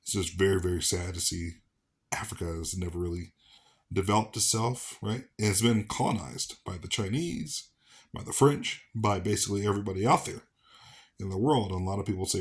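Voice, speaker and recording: A man's voice: on the low side, expressive, brisk. A man from the American South talking casually to camera as a vlogger, rambling with fillers and restarts. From Southern United States.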